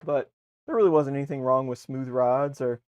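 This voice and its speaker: A man co-hosting a casual live stream, chatting in an easygoing, offhand way. He talks half to himself while he tinkers with a device, and his voice sits at a middling pitch. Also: normal speed, smooth, highs cut off. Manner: relaxed, tinkering while talking. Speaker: co-host.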